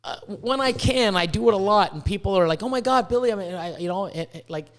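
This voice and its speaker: A Canadian man hosting a podcast, ranting excitably with lots of swearing and stumbling restarts. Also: sits high, fast. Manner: profane, excitable, with many restarts. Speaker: podcast host. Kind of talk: casual podcast rant.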